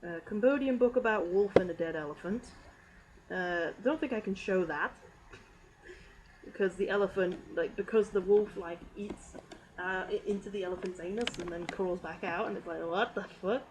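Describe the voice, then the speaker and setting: Over a steady hum of background noise, a woman streamer reviews memes in a casual, rambling way, giggling often and using plenty of fillers. Her voice sits at a medium pitch and moves at a normal speed.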